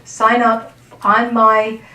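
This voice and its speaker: A woman's voice: on the high side, monotone, extremely slow, sharp tone, recorded from a distance. A woman relationship coach giving a workshop talk to an audience in a chatty way, often checking in with her listeners. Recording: roomy sound from off-mic.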